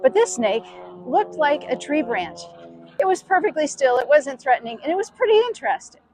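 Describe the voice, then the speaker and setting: A middle-aged woman telling a personal story in an animated, expressive way. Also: high-pitched, brisk. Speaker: speaker. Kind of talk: storytelling talk.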